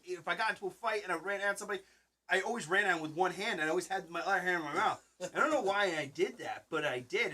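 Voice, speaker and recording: A man in his thirties hosting a casual podcast chat, rambling through stories and acting out what people said. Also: fairly high pitch. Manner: rambling storyteller, acts out quotes loudly. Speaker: podcast host and Twitch streamer.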